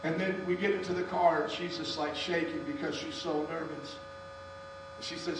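Male pastor, high voice, storytelling sermon, booming hall sound, mic well off, low mains hum. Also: little pitch movement, moderate pace, recorded from a distance. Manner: storytelling preacher, calls on the congregation to respond.

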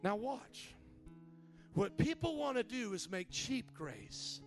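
A man's voice: sits high, sing-song, takes it slowly, soft background music. A man preaching a sermon as pastor, repeating key lines and calling on the congregation to respond. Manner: repetitive preaching with call-and-response.

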